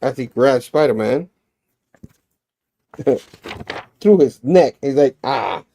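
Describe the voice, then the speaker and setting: Animated man retelling a comic. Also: mid-range voice, takes it slowly, slight background noise. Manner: animated, makes sound effects, laughs often. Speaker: comic book reviewer.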